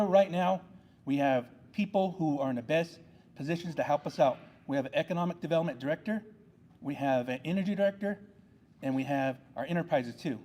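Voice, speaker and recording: A man's voice: on the high side, dark tone. A man serving on a tribal council, giving an earnest ceremony speech with a repetitive, rallying delivery.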